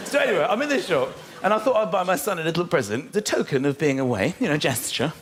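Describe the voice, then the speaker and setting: High, animated comedian in a hall. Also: male voice, fast talker, background noise. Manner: animated, laughs through lines, acts out voices. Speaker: stand-up comedian and host. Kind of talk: stand-up comedy. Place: large theatre with live audience. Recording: echoey venue with loud audience laughter.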